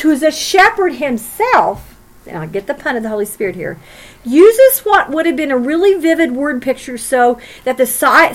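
A woman teaching a Bible study, emphatic, with rhetorical questions and dramatic pauses. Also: high voice, fairly bright tone.

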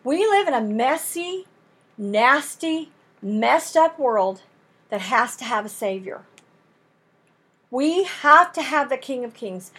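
A woman's voice: high-pitched, animated, slow, long pauses, fairly bright tone, breathy edge. A woman teaching a Bible lesson in an earnest, emphatic way, using folksy turns of phrase and building intensity as she makes her points.

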